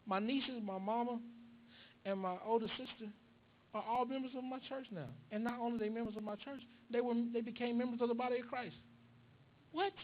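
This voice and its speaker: High-voiced preacher telling a story. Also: male voice, a little fast, muffled recording, a little hiss or hum. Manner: animated, acts out dialogue. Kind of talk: storytelling sermon.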